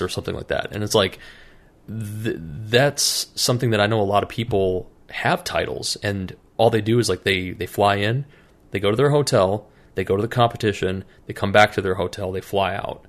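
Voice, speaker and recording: Fields: Sex: male. Role: co-host. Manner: profane, animated storyteller. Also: lowish voice, moderate pace. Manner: profane storyteller acting out quoted voices. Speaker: podcast co-host. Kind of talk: casual podcast chat.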